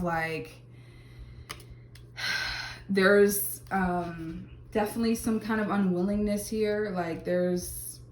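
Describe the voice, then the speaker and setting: A woman's voice: fairly low pitch, a little mellow, a little hiss or hum. Casting: woman tarot reader, chatty and exclamatory, in an echoey room. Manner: chatty, lots of fillers and exclamations. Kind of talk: casual tarot reading to camera.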